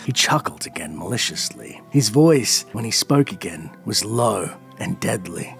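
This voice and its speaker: A man tells a dark fantasy tale slowly and dramatically. His voice is gravelly and swings widely in pitch. Faint music runs under the narration. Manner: dramatic, expressive storytelling. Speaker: lore narrator.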